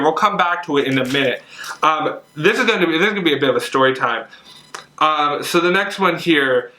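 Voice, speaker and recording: Young guy gushing over comics he just unboxed, bright voice, lots of ums, echoey room. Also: a little high. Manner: excitable, lots of fillers and gushing. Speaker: comic collector vlogger. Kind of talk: casual unboxing chat.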